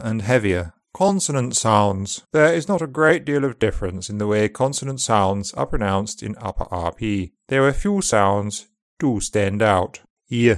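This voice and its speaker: A man with a British accent teaching pronunciation, slowly and carefully sounding out model phrases. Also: fairly low pitch, no room sound, studio quality. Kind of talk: scripted pronunciation lesson.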